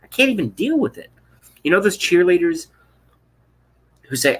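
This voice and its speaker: A man's voice: sits high, very animated, normal speed, long pauses, fairly bright tone. A man in his thirties ranting on a live stream, blunt, sarcastic and profane, reading out chat comments. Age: 30s. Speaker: political vlogger.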